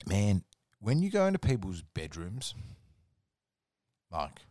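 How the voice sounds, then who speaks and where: Low-voiced, sweary Australian guy. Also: huge pitch swings, slow pace, mellow, no echo, studio quality. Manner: laid-back, sweary, rambling anecdotes. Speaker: podcast guest. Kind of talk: casual storytelling chat.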